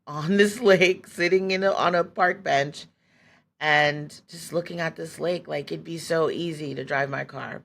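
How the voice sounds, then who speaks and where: A woman's voice: deep voice, gravelly, a bit bright. A woman in her forties hosting a podcast, telling her own story in a candid, loose way, laughing often and acting out what she was thinking back then. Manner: loose and conversational, many fillers. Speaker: podcast host. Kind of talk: personal storytelling.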